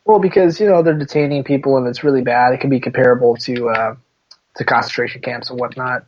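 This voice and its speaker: Talking fast in a mid-range voice, a male podcast co-host rambles through laid-back casual chat and laughs often. The podcast audio is dull and lo-fi.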